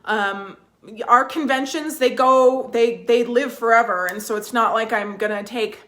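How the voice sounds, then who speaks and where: A woman's voice: fairly high pitch, unhurried. A woman vlogging from home, chatting casually with viewers, restarting sentences and reading out their comments. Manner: warm, chatty, reads viewer comments aloud; restarts sentences, fillers, emotional at times.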